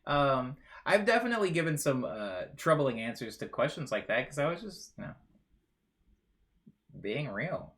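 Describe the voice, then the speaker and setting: A man's voice: mid-range voice, very animated, normal speed, fairly bright tone. A male streamer chatting casually on a live stream, rambling and joking with bursts of mock outrage while reading chat aloud.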